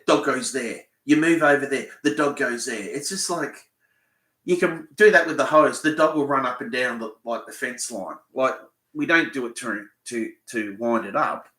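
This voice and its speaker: A man's voice: medium pitch, pushed and bright, roomy sound. An Australian man hosting a live Q&A, rambling and swearing as he tells a story bluntly. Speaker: fishing channel host. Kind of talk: live Q&A chat.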